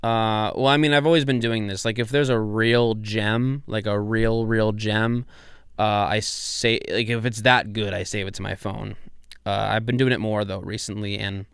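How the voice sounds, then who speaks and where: A man's voice: fairly low pitch, little pitch movement, normal speed, creaky, fairly bright tone, clean tone, dry recording. A man hosting a casual podcast on a close mic, rambling and swearing casually with lots of restarts. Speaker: podcast host.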